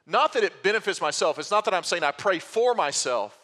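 A man in the pulpit giving a teaching sermon, working through a passage with rhetorical questions and small restarts. His voice is bright and sits a little high. The sound carries a long hall reverb. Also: expressive, fairly quick. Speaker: pastor. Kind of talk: expository sermon.

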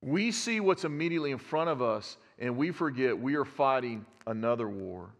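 A man's voice: medium pitch, expressive, normal speed. A man, preaching a conversational sermon and putting questions to his congregation. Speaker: pastor. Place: church sanctuary. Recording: long reverb of a church hall.

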